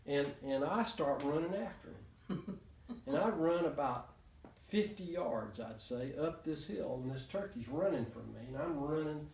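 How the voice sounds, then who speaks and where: A man's voice: fairly high pitch, lively intonation, unhurried, creaky, a little mellow. A man telling a story to a small group, rambling with many restarts and chuckles. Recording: echoey room, mic from far off.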